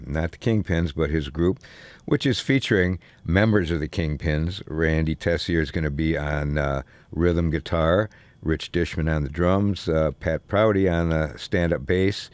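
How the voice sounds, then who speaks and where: A man's voice: low voice, darkish tone, dry recording. An older man hosting a radio music show, talking in a rambling, laid-back way with lots of hesitations and fillers. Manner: rambling, many filler ums and restarts. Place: radio studio.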